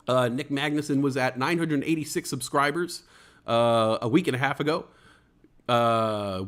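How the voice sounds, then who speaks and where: A man's voice: on the high side, fairly bright tone. Rambling, jokey male livestream host. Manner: rambling, with many fillers and stuttered restarts; jokey, playful wordplay. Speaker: livestream talk show host. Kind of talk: casual rambling livestream chat.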